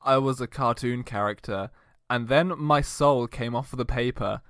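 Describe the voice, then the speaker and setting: Casting note: sheepish cartoon boss, bright, crisp, very dry sound, played by a man. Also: medium pitch, moderate pace, dry recording, close to an everyday voice. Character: escaped cartoon alien boss, male, sheepish. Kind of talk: tabletop role-play in character.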